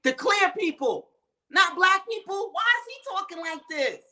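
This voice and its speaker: A woman's voice: very high-pitched, animated, moderate pace, sharp tone. Fired-up woman host ranting at viewers. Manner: fired-up, profane, talks straight to viewers. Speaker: show host. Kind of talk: ranting commentary.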